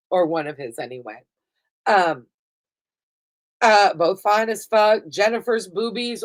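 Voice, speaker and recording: Woman in her 30s, kinda high, swears a ton and gushes over a tv episode, laughs a lot. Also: rough recording. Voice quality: profane, gushing, laughs often. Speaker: reality TV recap vlogger. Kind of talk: casual chat.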